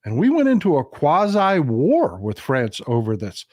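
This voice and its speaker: A man hosting a political livestream, talking in a folksy, animated way. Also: a little high, normal speed, no room sound, studio quality. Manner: folksy, animated, mocks historical figures in quoted voices. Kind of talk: casual political commentary.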